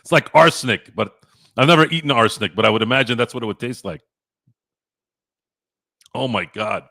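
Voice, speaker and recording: Profane, animated man telling a story. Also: medium pitch, brisk, no room sound, clean studio sound. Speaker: podcast host. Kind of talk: casual livestream chat.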